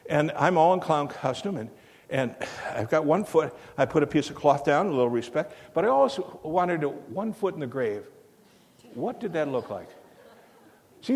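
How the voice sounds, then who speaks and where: An older man telling a rambling story in a sermon, full of fillers and restarts, recorded in a church. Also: fairly high pitch. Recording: long hall reverb.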